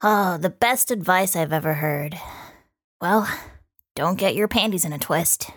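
A woman's voice: lowish voice, unhurried, fairly bright tone, no echo, clean studio sound. A woman playing in a tabletop game, playful and teasing.

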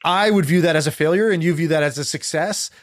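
A man's voice: a little high, fast talker. A young man telling stories in casual conversation, rambling with lots of filler words and restarts.

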